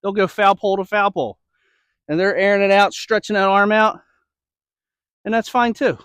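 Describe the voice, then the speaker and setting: A man's voice: sits high, fairly even intonation, moderate pace, fairly bright tone, clean tone, no room sound. A man coaching baseball throwing drills, checking in often with "okay?" and a little out of breath. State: slightly out of breath. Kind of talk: instructional demo.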